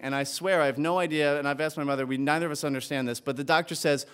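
A man with a fairly high voice tells a personal story on stage. He speaks earnestly and with animation, and the audience laughs along. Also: fairly even intonation, racing, few pauses, fairly bright tone, clean tone. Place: stage before a live audience.

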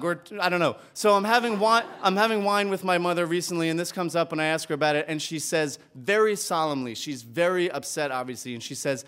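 A man telling an earnest, animated personal story on a stage before a live audience. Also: high-pitched.

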